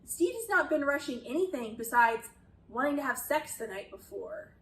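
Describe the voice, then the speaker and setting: A woman's voice: high voice, sing-song, normal speed, a bit bright, roomy sound, recorded from a distance, a little hiss or hum, poor audio. A woman chatting casually through a critique of a show, exasperated at times and swearing freely. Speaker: video essayist.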